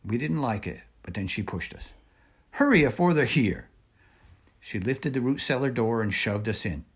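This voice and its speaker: A man reading a children's storybook aloud in a measured, expressive way. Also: on the low side, slightly rough. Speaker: reader.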